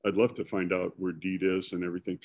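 A man's voice: deep voice, little pitch movement, fast talker, darkish tone, lo-fi sound. A man from Milwaukee, preaching in a casual, rambling storytelling way with self-deprecating humor.

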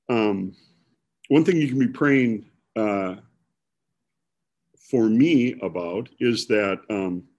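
A man from Milwaukee, preaching in a casual, rambling storytelling way with self-deprecating humor. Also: lowish voice.

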